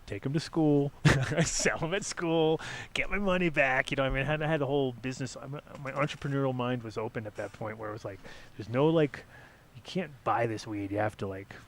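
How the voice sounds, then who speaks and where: A man's voice: medium pitch, brisk, a little hiss or hum. A middle-aged man hosting a podcast, telling stories casually and swearing freely. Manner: animated, swears freely, lots of fillers. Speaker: podcast host. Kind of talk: casual storytelling.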